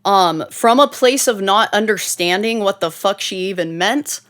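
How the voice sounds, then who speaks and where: A woman's voice: mid-range voice, normal speed, a bit bright. A woman with a mid-range voice co-hosts a casual podcast. She tells a personal story, laughing often and swearing freely. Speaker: podcast co-host.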